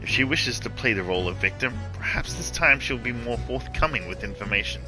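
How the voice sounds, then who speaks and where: A man voicing a stern, dutiful guard officer in a formal, measured way. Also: medium pitch, expressive, over music, lightly acted, poor audio. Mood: grave. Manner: formal, measured reading of quest dialogue.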